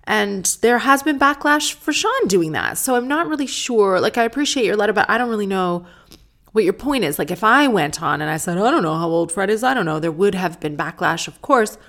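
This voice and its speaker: A woman's voice: mid-range voice, lively intonation, moderate pace, a bit bright. A woman hosting a podcast, talking candidly and sardonically with some swearing, and reading out listener letters. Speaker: podcast host. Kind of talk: casual solo podcast talk.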